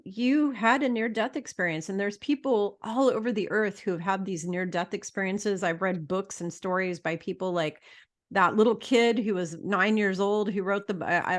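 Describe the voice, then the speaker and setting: A woman's voice: medium pitch, fairly even intonation, normal speed. A middle-aged woman hosting a casual interview show, talking emphatically and bluntly, swearing freely as she lectures her listeners. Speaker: podcast host.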